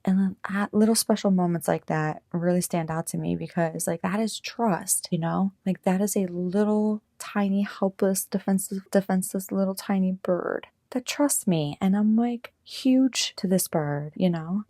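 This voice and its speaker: A woman's voice: mid-range voice, moderate pace, few pauses, warm tone, no room sound, studio quality. A woman podcaster chatting casually and rambling, with lots of filler words. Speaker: podcaster and YouTuber. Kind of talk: casual chat.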